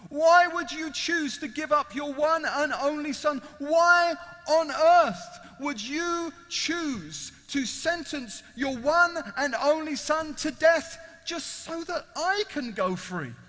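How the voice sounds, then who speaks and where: A man's voice: extremely high pitch, animated, slow, few pauses, pushed and bright, voice pushed up, exaggerated voice. A man voicing a stunned, freed prisoner who pleads urgently in a raised voice. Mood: pleading. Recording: echoey large hall.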